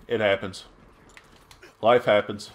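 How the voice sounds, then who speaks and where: A middle-aged man from Texas giving casual, rambling commentary over his gameplay, chatty with sudden loud outbursts. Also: lowish voice, flat delivery, takes it slowly. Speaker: gaming YouTuber.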